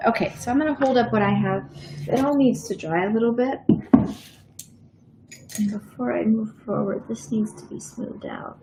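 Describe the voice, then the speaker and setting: A woman's voice: medium pitch, creaky, background noise. A woman artist hosting a live stream from her studio, chatting casually while she paints and dropping to a murmur as she works. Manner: unhurried, thinking aloud with fillers, drops to a murmur while working. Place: home art studio. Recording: echoey room, faint background music.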